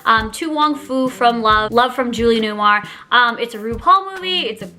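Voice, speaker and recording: A woman's voice: a little high, expressive, normal speed, pushed and bright. A young woman YouTuber telling candid stories in a chatty, giggly vlog, filling her talk with "like". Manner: giggly, heavy use of "like", chatty. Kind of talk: confessional storytime vlog.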